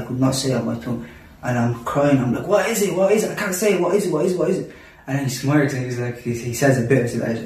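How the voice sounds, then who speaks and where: Man, quick intense storytelling, religious phrases, echoey room, mic a bit far. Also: mid-range voice, a little mellow, slight background noise. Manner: intense, repetitive, sprinkles Arabic religious phrases. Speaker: guest telling a personal story. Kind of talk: casual podcast storytelling.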